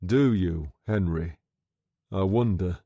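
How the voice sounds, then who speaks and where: A man voicing a smooth-talking gangster undertaker who speaks low, soft and quietly threatening, in an audiobook reading. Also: takes it slowly, no room sound, lo-fi sound, heavily acted. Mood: menacing.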